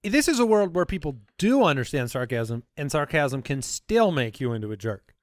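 A man's voice: on the high side, sing-song, moderate pace, no room sound, clean studio sound. A man co-hosting a comedy podcast, telling rambling, self-deprecating stories in casual chat. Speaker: podcast co-host.

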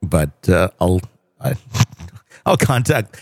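A man's voice: on the low side, normal speed, no room sound, studio quality. A man co-hosting a podcast, chatting casually and rambling through jokes. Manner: rambling, joking. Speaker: podcast co-host. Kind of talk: casual chat.

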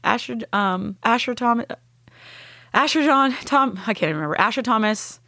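A woman, a podcast guest, telling a deeply personal story in an earnest, heartfelt way and with strong conviction. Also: animated, moderate pace, sharp tone, no echo, clean studio sound.

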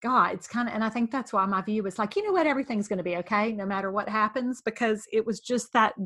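A woman's voice: medium pitch, quick pace. A woman hosting a podcast, telling a story in casual chat and acting out what everyone said. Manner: animated, acting out quoted dialogue. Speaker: podcast host.

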